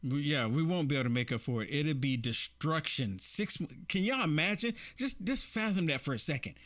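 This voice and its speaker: High-voiced, emphatic male commentator. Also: expressive, brisk, a bit bright. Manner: emphatic, repeats rhetorical questions to viewers. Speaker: political commentary host. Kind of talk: opinion commentary reacting to clips.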